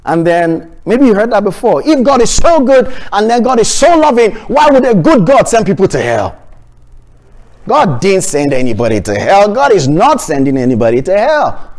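Male pastor, fairly high voice; emphatic, repetitive sermon delivery with restarts. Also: very animated, moderate pace, darkish tone.

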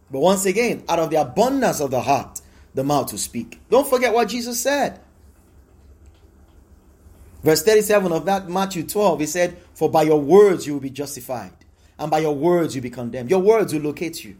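A man's voice: a little high, expressive, moderate pace, a little mellow. A man preaching a sermon as pastor, emphatic and repetitive, his voice rising into exclamations.

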